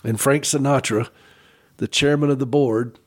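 A man giving a devotional Easter talk in a reflective way, pausing for effect and asking the listener direct questions. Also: medium pitch. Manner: reflective, with expressive pauses and emphasis.

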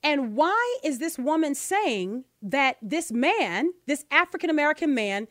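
A high-pitched woman hosts a talk show, delivering pointed opinion commentary. She drives her points home with rhetorical tag questions. Her voice sounds dry and close to the mic. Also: very animated, unhurried, fairly bright tone, no room sound. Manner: emphatic, with many rhetorical "right?" tag questions.

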